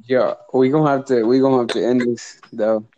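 A man's voice: medium pitch, steady tone, brisk, warm tone. A man hosting a podcast in casual chat, laid-back and slangy with a lot of swearing. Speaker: podcast host. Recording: dull lo-fi audio.

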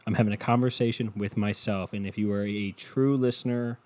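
A man's voice: on the low side, steady tone, fairly quick, few pauses, darkish tone. A young man hosting a solo podcast into a cheap desk mic at home, rambling in a crude, self-mocking way with lots of swearing. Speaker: podcast host. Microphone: cheap desk mic, headphones.

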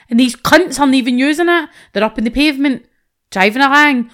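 A Scottish woman co-hosting a casual chat podcast, talking in an animated, sweary, ranting way. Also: a little high, fast talker. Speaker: podcast co-host.

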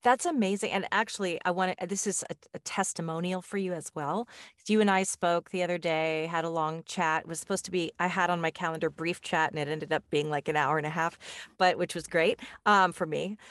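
A woman hosting a casual chat, telling a story in a lively way and acting out the dialogue she quotes. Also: lowish voice, no room sound, studio quality.

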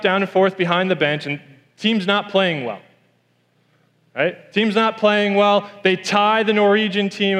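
A man's voice: high voice, a bit bright, long reverb tail. A man preaching a sermon in a church, telling a story and repeating key lines for emphasis.

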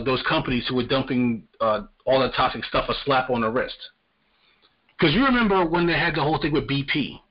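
A man hosting a podcast, giving casual political commentary in a heated, profane ranting manner. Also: mid-range voice. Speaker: podcast host. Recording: slightly muffled lo-fi audio.

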